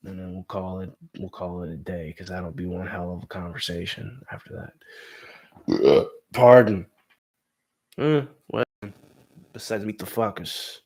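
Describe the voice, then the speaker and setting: Rambling, low-voiced young comedian streamer. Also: male voice, fairly even intonation, moderate pace, darkish tone. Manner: rambling, self-deprecating, crude. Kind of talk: casual live-stream chat.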